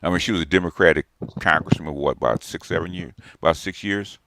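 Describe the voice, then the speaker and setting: A man co-hosting a casual talk show, laughing often and telling stories in a loose, drawn-out way. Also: low-pitched, fairly bright tone, slight background noise. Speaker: podcast co-host. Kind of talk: casual chat.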